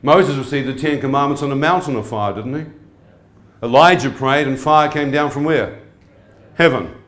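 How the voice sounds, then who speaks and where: A man delivers an animated sermon, speaking at a medium pitch. He keeps throwing questions out to his listeners. His voice rings in an echoey hall. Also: normal speed. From New Zealand. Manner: animated, asks the crowd questions. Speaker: evangelist. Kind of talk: sermon testimony.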